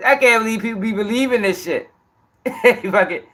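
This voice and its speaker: High-voiced man mocking a news story. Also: brisk. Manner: loud, laughing, profane and mocking. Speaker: commentary host. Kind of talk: reaction commentary on a news clip.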